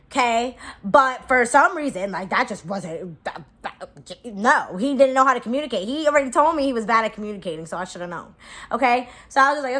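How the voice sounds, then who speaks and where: Bright-voiced woman telling a blunt story. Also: fairly high pitch. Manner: blunt and profane, laughs often, quotes herself. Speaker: vlogger. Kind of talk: casual storytime monologue.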